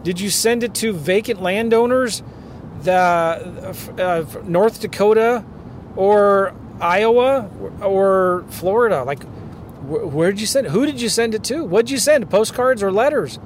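Animated man ranting in a car. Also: sits high, unhurried, a little hiss or hum. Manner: animated, firing rhetorical questions. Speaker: podcast host, real estate investing coach. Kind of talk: ranting monologue.

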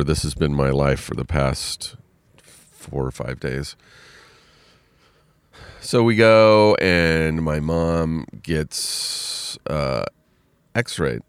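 A man's voice: rumbling low, clear, resonant tone, no room sound. A man casually telling a long, rambling personal story, full of fillers. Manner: rambling, filler-heavy retelling with many "like"s.

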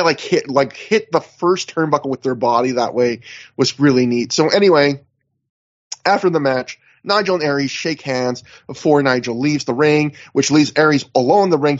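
A man's voice: mid-range voice, highs cut off. A man co-hosting a podcast, chatting casually as he recaps in detail with lots of fillers. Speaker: podcast co-host.

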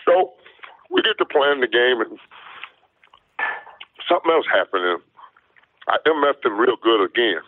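A former football player tells his stories over a thin, tinny phone line. His husky voice sits fairly high and jumps all over as he talks. He is emphatic and animated, with no room sound around him. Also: normal speed, long pauses, dry recording. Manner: lively, emphatic, swings into loud high quoted voices. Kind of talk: animated storytelling in an interview.

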